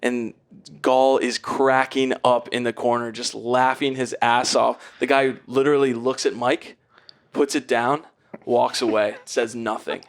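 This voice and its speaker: A man co-hosting a casual podcast roundtable, telling an anecdote in an animated way. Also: mid-range voice, measured pace. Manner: animated storyteller. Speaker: podcast co-host.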